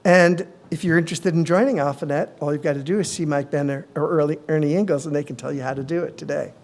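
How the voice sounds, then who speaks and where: A middle-aged male physician giving a conference presentation, measured, with frequent ums and uhs. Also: a little high, steady tone, darkish tone, slight background noise.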